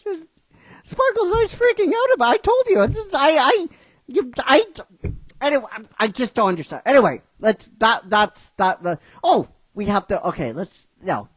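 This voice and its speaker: A woman hosting a show, ranting in excited disbelief, swearing and laughing. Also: high-pitched, normal speed, no echo. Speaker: host. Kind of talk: casual ranting commentary.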